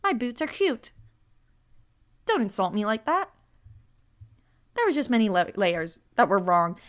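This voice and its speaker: A young woman hosting a podcast, telling a story in a casual, animated way with lots of "like" and incredulous asides. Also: on the high side, a little slow. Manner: animated, incredulous, heavy use of "like". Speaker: podcast host.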